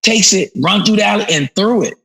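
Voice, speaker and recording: Gravelly, animated man. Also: sits high, a little fast, low-quality recording. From Chicago. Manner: animated, slangy, frequent restarts. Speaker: podcast guest. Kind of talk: casual storytelling.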